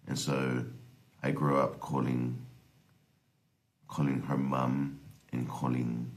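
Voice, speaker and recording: A man with an extremely deep, gravelly voice delivers a halting eulogy for his grandmother. He speaks slowly and holds back tears. He fills the gaps with soft hesitations and long pauses. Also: low-quality recording. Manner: hesitant, many pauses and fillers. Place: recorded from abroad, far from the service.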